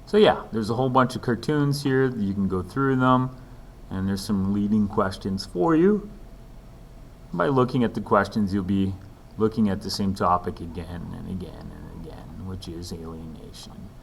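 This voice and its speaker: A man's voice: low voice, normal speed, gravelly, a little hiss or hum. A man teaching a recorded lesson in a conversational way, with frequent ums and dry asides. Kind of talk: recorded lecture walkthrough.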